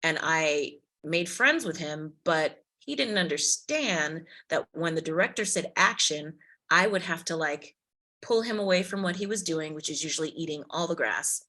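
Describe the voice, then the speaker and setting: Woman, actress, podcast guest, casual interview, animated storyteller, bright forceful tone. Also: sits low, moderate pace.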